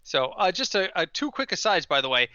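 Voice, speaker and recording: A man co-hosting a sports podcast, talking casually with animated, wry storytelling and the odd rant. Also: sits high, brisk, dry recording, lo-fi sound. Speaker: podcast co-host.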